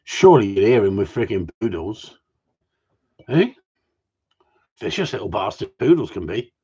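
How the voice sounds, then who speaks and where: Husky, swearing man teasing mates. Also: lowish voice, big pitch swings, normal speed, mellow. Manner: swears freely, teasing, laughs often. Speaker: host of a gundog group chat. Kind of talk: crude joking banter. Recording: dull lo-fi sound.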